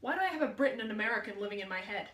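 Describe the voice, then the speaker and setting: A woman, a drama student, giving a brisk, upbeat school drama presentation. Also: medium pitch, animated, fairly bright tone. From Australia. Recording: echoey room.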